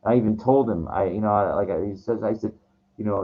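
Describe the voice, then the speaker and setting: A man's voice: on the low side, a little fast, warm tone. A man telling a story in a casual rant, agitated and profane, often stumbling and restarting his sentences. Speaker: vlogger. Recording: dull lo-fi recording.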